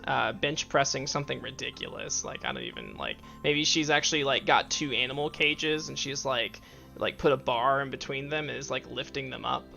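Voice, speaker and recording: Halting, gravelly-voiced game master. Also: male voice, medium pitch, lively intonation, bright, forceful tone, soft background music. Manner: halting, full of fillers and restarts. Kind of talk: narrating a tabletop game.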